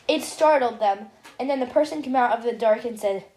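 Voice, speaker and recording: A woman's voice: fairly high pitch, brisk, a little mellow, echoey room. A young female reader reading a homemade story aloud, stumbling and restarting as she voices the characters.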